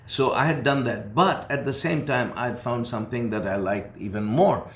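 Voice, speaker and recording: A man's voice: medium pitch, normal speed. An older man, a preacher, telling his personal testimony in a rambling way with many fillers and restarts. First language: former Muslim who grew up speaking English at home. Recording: roomy echo.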